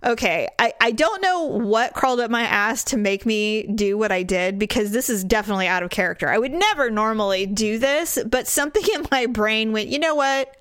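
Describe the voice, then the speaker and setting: Chatty woman in her 40s telling a story to a friend, smooth clear voice, dry close sound, lively asides. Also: on the high side, dry recording. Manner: chatty, animated, quick asides. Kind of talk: casual chat storytelling.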